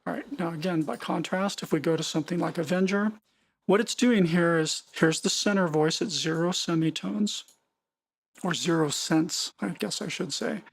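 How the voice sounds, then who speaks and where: In a screen-recorded software tutorial, a music production tutor casually explains synth settings in a husky, mid-range voice with vocal fry at normal speed. They often repeat words and correct themselves mid-sentence.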